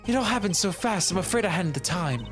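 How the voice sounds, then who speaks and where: A man voicing a calm, smug male murder witness in a fan-dubbed courtroom game, with lively pitch. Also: quick pace, faint music behind. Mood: composed.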